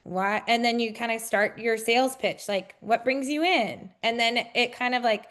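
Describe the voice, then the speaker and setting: A woman real estate agent in a casual interview, talking with many fillers and acting out bubbly, high-pitched greetings. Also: fairly even intonation, moderate pace, a bit bright, smooth.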